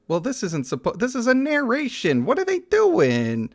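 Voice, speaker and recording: A man's voice: extremely high pitch, wildly swooping pitch, normal speed, hardly any pauses. A young man casually commenting on a mobile game and reading its story aloud, jokey and laughing often.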